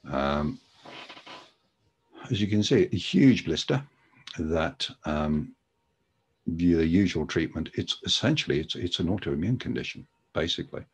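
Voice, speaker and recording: A man's voice: sits low, animated, a little slow, long pauses, slightly rough. A man giving a webinar lecture on podiatry, talking conversationally with frequent ums and restarts.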